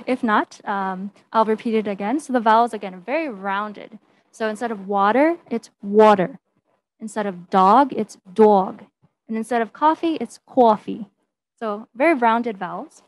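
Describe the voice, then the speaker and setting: Higher-voiced woman teaching on a call. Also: moderate pace, dry recording. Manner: explanatory, with fillers and demonstrations. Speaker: teaching fellow. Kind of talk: online language lesson. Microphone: video call.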